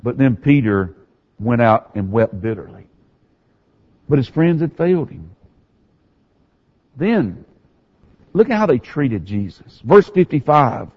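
A male pastor preaching a sermon, telling the story with animated swings from hushed to raised delivery. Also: mid-range voice, slow pace, pauses often, breathy edge, highs cut off.

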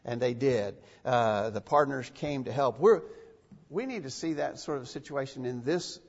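A man's voice: mid-range voice, expressive, normal speed, darkish tone, slightly rough. A man preaching a sermon in a church, emphatic and given to repeating phrases for stress. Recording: dull, echoey church recording.

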